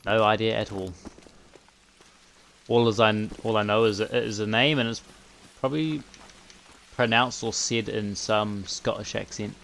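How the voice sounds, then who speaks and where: A man with a lowish voice talks his way through a hunting game on a live stream. He mutters and thinks aloud as he goes, in an easygoing way. A faint hiss of game ambience sits under his voice. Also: steady tone, measured pace, gravelly, pauses often, a bit bright. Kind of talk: live gameplay commentary.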